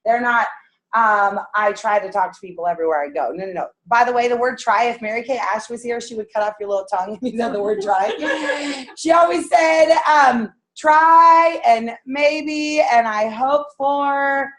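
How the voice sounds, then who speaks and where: A woman in her thirties leads a motivational sales meeting with a fairly high voice. She talks in a lively, animated way and laughs often. She acts out the words people say to themselves. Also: moderate pace. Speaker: sales team leader.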